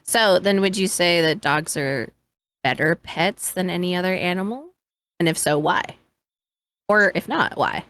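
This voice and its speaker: A woman's voice: lowish voice, lively intonation, measured pace, fairly bright tone, no echo. A woman hosting a casual podcast chat, upbeat and chatty. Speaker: podcast host.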